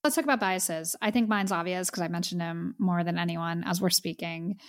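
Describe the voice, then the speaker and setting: A woman's voice: fairly low pitch, a little fast, no echo. A woman co-hosting a podcast, chatting with enthusiasm about an album and saying "like" a lot. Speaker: podcast co-host. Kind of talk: casual music review chat.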